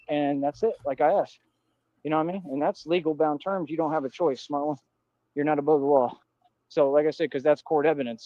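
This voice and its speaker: A man with a slightly high voice rants defiantly into a livestream, looping back to the same points in loose street slang. The audio is dull and lo-fi, with a dry, close sound. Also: no echo. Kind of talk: ranting livestream monologue.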